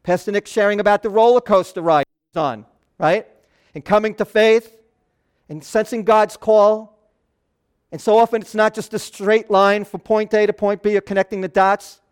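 Pastor, man, higher-pitched nasal voice, earnest chatty sermon delivery. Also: steady tone, moderate pace, smooth. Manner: earnest, loose asides and restarts. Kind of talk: conversational sermon.

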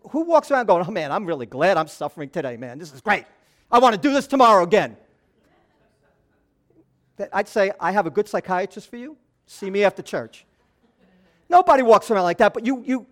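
A man preaching a sermon as pastor, talking conversationally, repeating words and checking in with the congregation. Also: high voice.

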